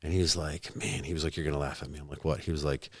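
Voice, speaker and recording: A man in his forties chats casually as a podcast guest, swearing freely and acting out both sides of conversations he remembers. His very deep voice races along with fairly even intonation, creaky and with a breathy edge, in a studio-quality recording with no room sound.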